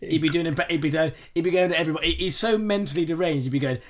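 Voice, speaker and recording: A man in casual comedic chat, rambling and slipping into mock voices between fast asides. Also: fairly high pitch. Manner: rambling, riffs into mock voices with swearing and laughter.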